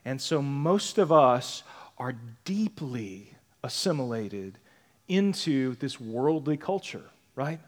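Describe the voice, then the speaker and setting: A pastor preaching a sermon in a conversational style, often checking in with the congregation with tag questions. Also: male voice, medium pitch, big pitch swings, slow pace, in a large hall. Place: church sanctuary.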